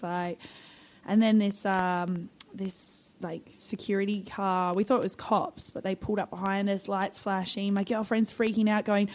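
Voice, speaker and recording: A woman's voice: medium pitch, level tone, moderate pace, a little mellow, muffled recording. An Australian woman, a guest on a podcast, telling stories in a bubbly, chatty way and swearing freely. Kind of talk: casual storytelling.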